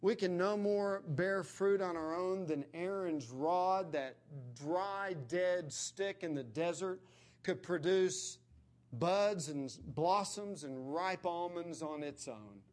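A man's voice: high voice, slow pace, darkish tone. A man delivering a sermon in a slightly raised register. He preaches earnestly, leaning hard on key phrases with emphatic stresses.

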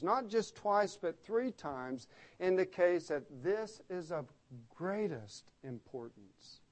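A man's voice: sits high, darkish tone. A man preaching an expository sermon, explaining the text earnestly and stressing key words by repeating them.

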